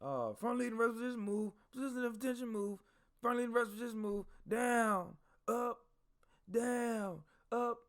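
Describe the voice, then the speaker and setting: A man putting on an army drill sergeant who shouts clipped commands and counts out cadence. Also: very high-pitched, moderate pace, voice pushed up. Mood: barking orders. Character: loud barking male army drill sergeant.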